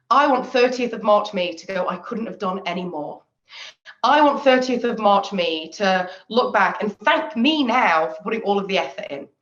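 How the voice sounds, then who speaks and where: Lively woman in an echoey room. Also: medium pitch. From England. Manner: lively, chatty, laughs often. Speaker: confidence trainer. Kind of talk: live online workshop talk. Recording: echoey, dull lo-fi audio.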